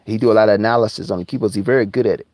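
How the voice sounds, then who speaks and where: A man ranting angrily and profanely on his live stream, repeating himself and sometimes drawling words out slowly. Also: fairly low pitch, steady tone, darkish tone, no echo. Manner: heated, profane, repetitive, drawling slowdowns. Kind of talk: angry conspiracy rant on a live stream.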